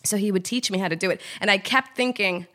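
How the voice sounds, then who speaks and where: A woman from Trinidad, a guest in a casual interview, telling her story in an animated way and acting out the voices of people she quotes. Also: mid-range voice, fast talker.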